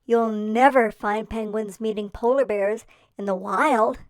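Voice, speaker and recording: A woman reading a children's picture-book quiz about seals, explaining slowly and clearly with playful questions. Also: medium pitch, steady tone, no room sound.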